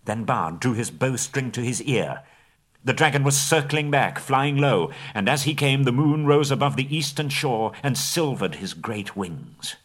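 A man's voice: medium pitch, lively intonation, measured pace. A man reading a story aloud as an audiobook narrator, with a dramatic delivery. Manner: dramatic, swelling at action, hushed at endings.

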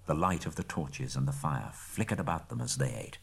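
A man reading a storybook aloud in measured narration, dropping to a hush at quiet moments. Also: rumbling low, creaky, breathy edge.

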